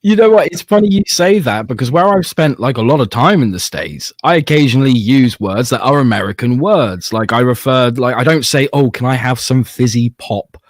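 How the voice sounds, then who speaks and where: A young British man chats and jokes, swearing freely while he tells a story. His pitch leaps around in a very lively way. The recording sounds close and dry. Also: fairly quick, few pauses, no echo. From Britain. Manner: animated, joking, swears casually. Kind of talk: casual chat.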